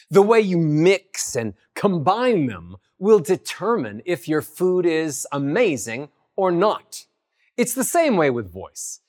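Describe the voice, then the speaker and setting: A man giving a voice lesson, teaching in an animated way and swooping high and low in pitch to demonstrate. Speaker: voice coach. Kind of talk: spoken voice lesson.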